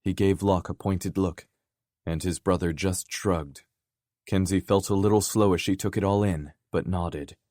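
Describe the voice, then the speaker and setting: A man reading romance narration in a calm, even way. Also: deep voice, measured pace, dry recording, clean studio sound. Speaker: audiobook narrator.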